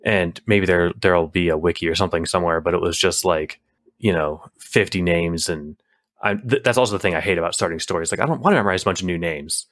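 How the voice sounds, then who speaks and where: Low-voiced rambling man chatting. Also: fast talker, a bit bright. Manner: rambling, many fillers and restarts. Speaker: podcast co-host. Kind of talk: casual chat.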